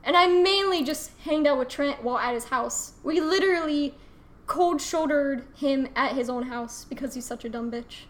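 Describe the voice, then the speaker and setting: A young woman with a high voice co-hosts a podcast in loose, casual chat. She tells stories bluntly and swears freely, without holding back. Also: moderate pace. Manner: frank, profane storytelling. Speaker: podcast co-host.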